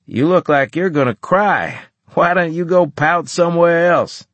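A man playing a freshly revived soldier, raspy and slurring, crude and belligerent. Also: medium pitch, a little slow, dry recording, pitched above the performer's own voice. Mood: hostile.

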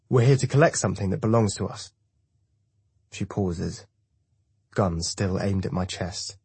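A man reading a first-person audiobook in a measured, even way. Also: deep voice, husky, dry recording. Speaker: audiobook narrator.

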